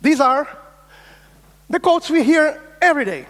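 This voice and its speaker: High-voiced man keynoting in a reverberant hall. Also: measured pace, pauses often. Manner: energetic, insistent, swears, acts out quoted voices. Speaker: keynote speaker. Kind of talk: conference keynote talk. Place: large conference hall.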